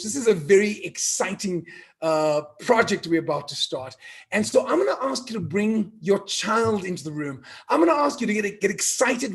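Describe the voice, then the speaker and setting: A man in his fifties from South Africa, hosting a live online launch event in a playful, animated way, telling stories and getting the audience to join in. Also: high voice, slightly rough. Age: 50s. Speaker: event host.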